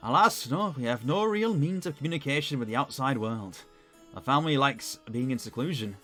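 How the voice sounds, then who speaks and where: Northern english man doing old male butler, formal, evasive, animated pitch, faint music. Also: a little fast. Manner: polite, formal, read aloud.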